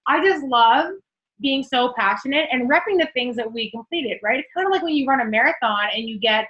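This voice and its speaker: A young adult woman fitness coach giving an energetic, chatty motivational talk on a group call, swearing casually. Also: high-pitched, brisk, dull audio.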